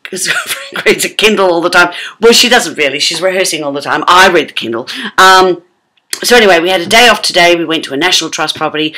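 An Australian woman chatting in a lively, theatrical way for her tour vlog, sometimes dropping to a whisper. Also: lowish voice, fast. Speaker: vlogger.

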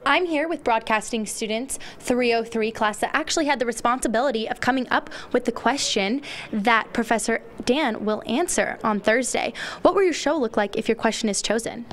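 A young woman reports from a classroom in a high voice, briskly questioning classmates. Faint room ambience hangs behind her. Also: slight background noise. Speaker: student reporter. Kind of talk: field interview.

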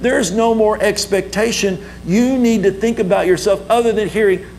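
A man's voice: sits high, normal speed, vocal fry, a little mellow, soft background music, poor audio. A man preaching a sermon as pastor, emphatic and repetitive, leading the congregation in call-and-response.

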